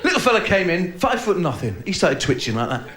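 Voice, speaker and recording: Cheeky English stand-up comic. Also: male voice, high voice, big pitch swings, fairly quick. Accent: northern English. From England. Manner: cheeky banter with the audience, acts out character voices. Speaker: stand-up comedian. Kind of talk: live stand-up comedy. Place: comedy club before a live audience. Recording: live recording with crowd and room noise.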